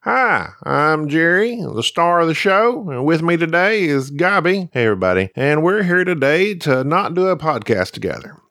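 A man's voice: on the high side, sing-song, moderate pace, few pauses, fairly bright tone, no room sound, clean studio sound, voice pushed up. A man mimicking a showy, twangy podcast cohost. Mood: boastful. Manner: showy, self-important. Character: over-the-top male podcast cohost with a twang.

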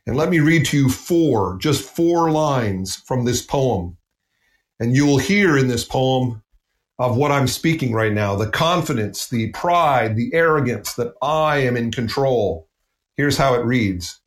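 A man's voice: medium pitch, a little slow, echoey room. A man from the United States preaching a sermon in an earnest, emphatic way, repeating phrases for stress.

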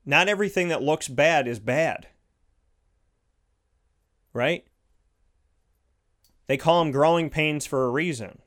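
A man's voice: on the high side, slow pace, pauses often, a bit bright. A man giving an earnest, heartfelt motivational monologue, repeating his points for emphasis.

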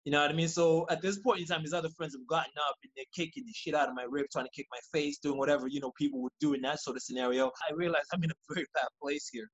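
Man, podcast guest, casual storytelling, rapid-fire delivery, slightly high voice, swears freely. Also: dull audio. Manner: rapid, animated, profane, acts out quoted lines.

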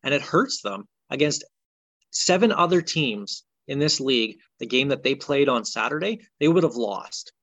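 A man's voice: mid-range voice, expressive, moderate pace, fairly bright tone, no echo. Exasperated man ranting about sports. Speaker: podcast co-host. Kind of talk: casual sports chat.

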